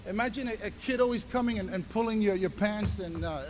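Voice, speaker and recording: High-voiced man preaching with fervor. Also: fairly quick, few pauses, noisy background. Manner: impassioned preaching, swinging between hushed and shouted. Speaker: pastor. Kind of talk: sermon.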